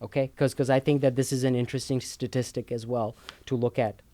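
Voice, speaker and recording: A man's voice: medium pitch, flat delivery, a little fast, dark tone, dry recording. A man co-hosting a casual talk show, explaining finances emphatically, repeating words and checking in with "okay?" a lot.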